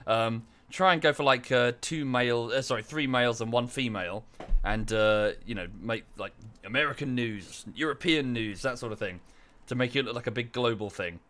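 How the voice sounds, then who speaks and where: A man's voice: medium pitch, normal speed, a bit bright. A man streaming live, chatting casually in a rambling way with many fillers and restarts, thanking viewers in chat as he goes.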